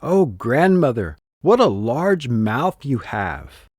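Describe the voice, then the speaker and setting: A man's voice: mid-range voice, sing-song, takes it slowly, a little mellow, no echo. A man voicing an innocent young girl in a red hood for a storybook reading.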